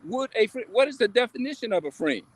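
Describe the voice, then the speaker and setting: A man's voice: very high voice, lively intonation, fast talker, breathy edge. A man talking casually on a live stream, rambling and repeating himself as he keeps asking listeners questions. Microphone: phone or webcam on a live stream.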